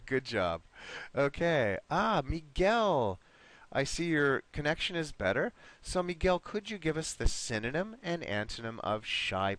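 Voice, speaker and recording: A man's voice: fairly high pitch, a bit bright. A man teaching an online English vocabulary class, patiently repeating words and encouraging his students.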